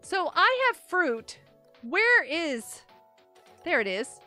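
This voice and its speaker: A woman's voice: extremely high pitch, very animated, slow, bright, forceful tone, soft background music. A young woman streaming a game live, bubbly and exclaiming, chatting with viewers as she plays. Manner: bubbly, exclaims and laughs often, talks to chat.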